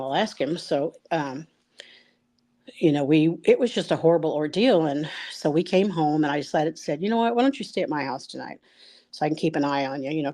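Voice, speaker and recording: A middle-aged woman telling a personal story out loud, rambling and halting, with many fillers and restarts. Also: deep voice.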